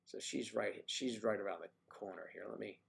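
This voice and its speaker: A man's voice: lowish voice, normal speed, creaky. A man hosting a casual livestream, greeting viewers by name and teasing them in a playful, chatty way. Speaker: livestream host reading viewer comments.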